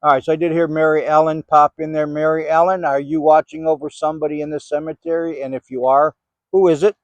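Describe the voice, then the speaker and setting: An older man investigating the paranormal, outdoors in a rainy cemetery, calling out slow, patient questions to spirits. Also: fairly high pitch, little pitch movement, dry recording, dull audio.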